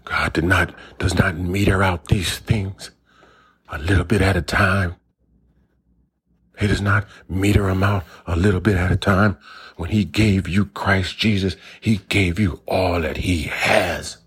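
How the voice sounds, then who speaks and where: Very husky, deep-voiced male preacher. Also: fairly even intonation, unhurried, fairly bright tone. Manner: repetitive, emphatic preaching cadence. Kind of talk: sermon.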